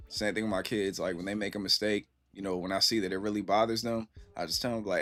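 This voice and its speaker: A man's voice: lowish voice, fairly even intonation, fast talker, a bit bright, soft background music. A man streaming from home in a casual, reflective chat, often saying "you know what I'm saying" and answering his chat.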